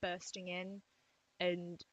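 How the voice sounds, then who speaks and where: A young English woman vlogging at home to her webcam, chatty and self-deprecating, talking quietly so as not to wake the household. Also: fairly low pitch, completely flat delivery, slow pace, no echo, lo-fi sound. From England. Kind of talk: casual webcam vlog. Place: room at home.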